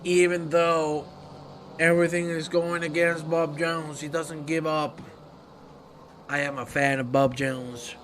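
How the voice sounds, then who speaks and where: A man doing live commentary on a sim race, excitable and swinging from quiet asides to loud outbursts. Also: mid-range voice, slow, recorded from a distance, a little hiss or hum.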